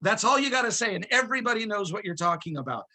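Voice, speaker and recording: A man performing as a guest magician on a video call, cracking rambling self-deprecating jokes in excitable patter. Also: high voice, fast talker. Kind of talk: joking comedic patter over video call.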